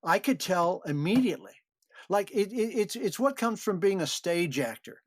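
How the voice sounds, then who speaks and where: An older actor, a guest on an interview podcast, telling animated behind-the-scenes anecdotes with frequent chuckles. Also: male voice, sits high, moderate pace, no room sound, clean studio sound. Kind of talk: storytelling interview.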